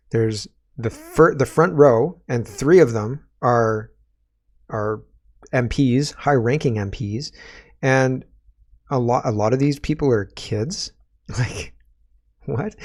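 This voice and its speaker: A man's voice: medium pitch, a little mellow. A man hosting a political commentary show, sarcastic and rambling, often tagging his points with a rhetorical question.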